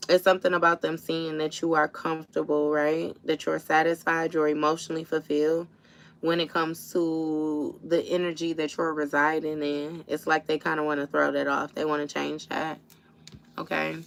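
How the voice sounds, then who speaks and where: Blunt, gravelly-voiced woman tarot reader. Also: sits low. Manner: blunt, profane, streetwise, animated storytelling. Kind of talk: live tarot reading. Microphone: phone or webcam for a livestream.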